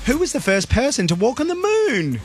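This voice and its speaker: A man, hosting a breakfast radio quiz in quick, enthusiastic patter. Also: very high-pitched, wildly swooping pitch, soft background music. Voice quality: croaky voice. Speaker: radio host.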